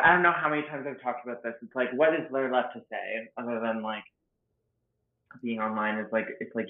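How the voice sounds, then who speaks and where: A man from Canada talks as a guest comedian, emphatic and ranting, with plenty of swearing. His voice comes through a tinny, phone-like line from an echoey room. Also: mid-range voice. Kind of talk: casual podcast chat.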